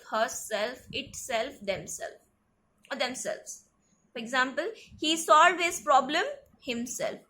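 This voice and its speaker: A woman teacher giving a grammar lesson, repeating each example slowly and checking in with "okay" and "see". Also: high voice, pushed and bright.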